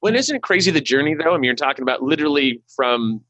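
Fast-talking jokey male podcast host. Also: on the high side, expressive, bright, forceful tone, no echo, muffled recording. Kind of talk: casual interview chat.

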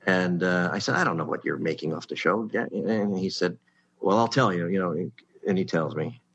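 A man's voice: low voice, normal speed, breathy edge, no echo, muffled recording. A middle-aged man, a sitcom writer, telling show-business anecdotes in casual chat and acting out the people he quotes. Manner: animated storyteller who acts out quoted people.

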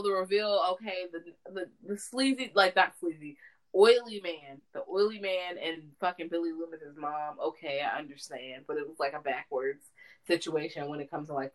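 A young woman co-hosts a casual podcast, her voice sitting on the lower side. She talks in an animated, profane way, stressing her points hard. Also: moderate pace, rough recording. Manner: animated, profane, emphatic storytelling. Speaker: podcast co-host. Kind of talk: casual chat.

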